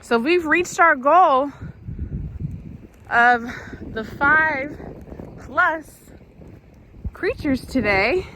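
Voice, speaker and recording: A woman's voice: high-pitched, expressive, extremely slow, pauses often, pushed and bright, slight background noise. A young woman vlogging a child's nature walk outdoors in a park, chatty and upbeat with frequent laughter. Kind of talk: casual narration to viewers.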